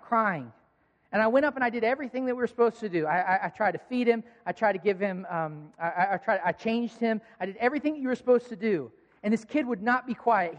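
A man's voice: sits high, long reverb tail. A young man preaching a sermon as a pastor, telling personal stories in a conversational way and often repeating words as he restarts. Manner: conversational storytelling with frequent word repeats.

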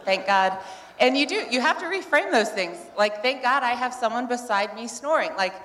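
A woman's voice: on the high side, expressive, fairly quick, a bit bright. A woman speaking playfully to an audience about her marriage, laughing easily. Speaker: wife on stage in a couples talk. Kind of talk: storytelling talk to an audience. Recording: hall reverb with crowd audible.

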